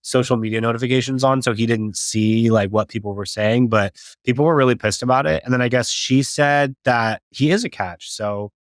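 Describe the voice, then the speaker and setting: A man in casual chat, relaxed and tentative with many fillers. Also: medium pitch, fairly quick, no room sound, clean studio sound.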